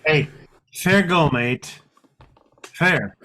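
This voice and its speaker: A man's voice: a little high, very slow, noisy background. A man putting on a cheeky, slang-heavy Australian bloke voice in crude banter among friends. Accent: put-on Australian.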